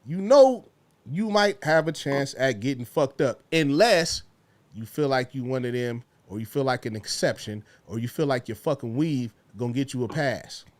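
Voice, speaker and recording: A man's voice: medium pitch, moderate pace. A man co-hosting a casual online talk show, joking and swearing freely as he argues. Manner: animated, joking, profanity-heavy, slips into mocking voices. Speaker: podcast co-host. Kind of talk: casual profane banter.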